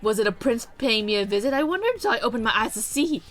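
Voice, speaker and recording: A cackling killer girl, giddy and unhinged, her high voice bouncing all over the place, as a woman reads her lines aloud from the game. The tone is bright and sharp, gleeful and singsong. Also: expressive, fast, soft background music. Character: giddy unhinged young female serial killer.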